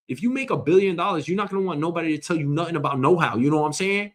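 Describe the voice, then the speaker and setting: Middle-aged male comic host with a slightly high voice, loud profane rambling rant. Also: expressive, racing, hardly any pauses. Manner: loud, rambling, swears a lot, mock voices.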